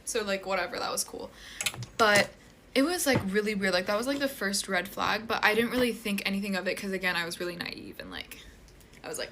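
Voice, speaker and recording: A woman's voice: medium pitch, fairly quick, sharp tone, slight background noise. A teenage girl rambling through a casual storytime while getting ready at home, filling every sentence with "like". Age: teens. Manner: rambling, heavy use of "like" fillers.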